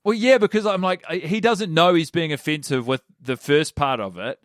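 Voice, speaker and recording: A man's voice: fairly high pitch, moderate pace, dry recording, studio quality. A man co-hosting a podcast, casually picking apart a comedy special and rambling with lots of filler words. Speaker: podcast co-host. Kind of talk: casual comedy review chat.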